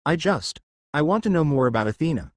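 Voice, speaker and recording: Man reading a sheepish, curious teen boy; halting, dry sound. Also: on the high side, big pitch swings, dry recording. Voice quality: hesitant, halting speech.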